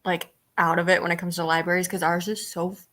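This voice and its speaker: Low-voiced young woman chatting. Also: quick pace. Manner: relaxed, explains things with lots of fillers. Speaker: book club co-host. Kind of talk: casual chat.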